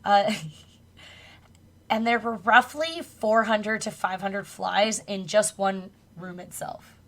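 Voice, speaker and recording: Co-hosting a podcast, a woman slowly recounts a spooky true crime story in a relaxed, chatty manner, swearing casually now and then and laughing with her co-host. Her pitch sits in an ordinary middle range.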